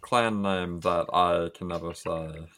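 A man talking as a player in a tabletop game, low-key and understated. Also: fairly even intonation, slow pace, fairly bright tone. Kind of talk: casual tabletop game play.

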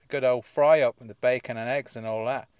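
A man's voice: medium pitch, steady tone, fast, a little mellow, clear, resonant tone, no room sound, studio quality. A man hosting a casual comedy podcast, rambling and hesitant with many restarts. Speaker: podcast host.

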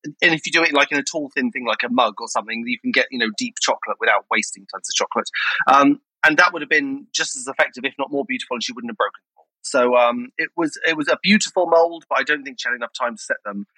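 Male podcast co-host, opinionated and emphatic, rapid delivery, sharp, fairly high voice, dry close mic. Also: no room sound, rough recording. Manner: opinionated, emphatic, talks in quick bursts. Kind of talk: casual chat.

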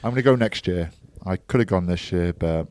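Low-voiced man, teasing. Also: a little fast, a little mellow. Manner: teasing, playful ribbing. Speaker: podcast co-host. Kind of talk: casual banter.

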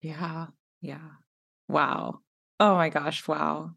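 A woman's voice: low-pitched, flat delivery, extremely slow, creaky. A woman hosting a podcast interview, reflective and affirming as she responds to her guest. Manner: reflective, affirming, soft backchannels. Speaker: podcast host. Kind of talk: casual interview chat.

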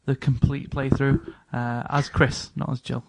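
A man's voice: mid-range voice, little pitch movement, measured pace, gravelly, background noise. A man chatting casually on a podcast and throwing in dry joking asides. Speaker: podcast co-host. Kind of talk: casual chat.

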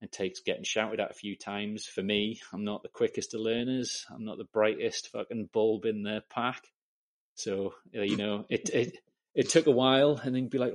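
A man's voice: mid-range voice, little pitch movement, moderate pace. A man with an English accent, chatting as an interview guest, swearing freely and joking at his own expense. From England. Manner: sweary, self-deprecating storyteller. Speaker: guest, camera assistant. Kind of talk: casual interview chat.

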